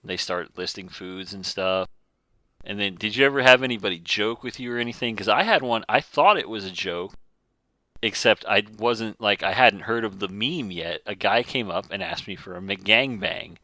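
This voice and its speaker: A man in his thirties telling work stories in a casual podcast chat, rambling and getting animated when he retells what people said. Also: lowish voice, normal speed, no room sound, studio quality. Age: 30s. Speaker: podcast host.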